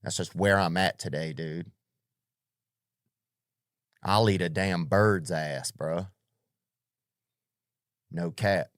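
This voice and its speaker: A man's voice: low-pitched, takes it slowly, long pauses, no room sound, studio quality. A man hosting a podcast with a comedic monologue, rambling, swearing a lot and sounding keyed up. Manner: rambling, profane, riffing. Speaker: podcast host.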